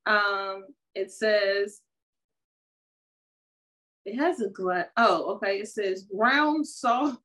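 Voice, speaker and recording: Bright-voiced playful woman co-host. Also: medium pitch, extremely slow, long pauses. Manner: playful, sign-off announcer flourishes. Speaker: podcast co-host. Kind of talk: casual chat.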